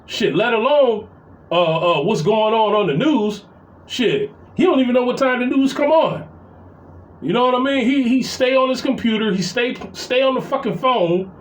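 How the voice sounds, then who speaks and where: A man's voice: very high-pitched, expressive, normal speed, poor audio. A middle-aged man talking straight to his audience in a casual venting monologue, heated and full of profanity as he tells a family story. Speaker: vlogger.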